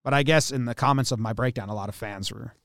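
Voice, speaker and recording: A man's voice: medium pitch, fast, no room sound, clean studio sound. A man co-hosting a sports podcast, retelling a story in casual chat and acting out the quotes. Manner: animated storyteller, acts out quotes, swears. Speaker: podcast co-host.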